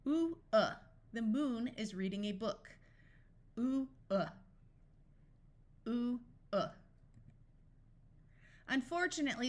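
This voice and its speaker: A woman teaching a phonics lesson, sounding out each word slowly, one sound at a time. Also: mid-range voice, a bit bright. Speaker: phonics tutor. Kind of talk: slow, carefully enunciated reading lesson.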